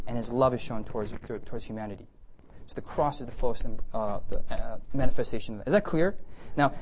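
A man giving a conversational sermon lecture with slides, lively and often checking in with his listeners. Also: medium pitch, lo-fi sound, a little hiss or hum. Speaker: preacher teaching a class.

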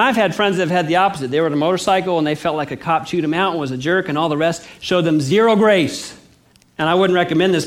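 A man preaching a sermon, animated and conversational, acting out little everyday scenes. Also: fairly high pitch.

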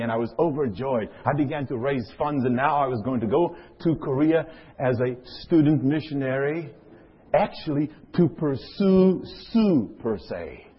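A man's voice: a little high, breathy edge, dull audio. A middle-aged man from Africa, preaching a sermon and telling a personal story, often putting questions to the audience. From South Africa.

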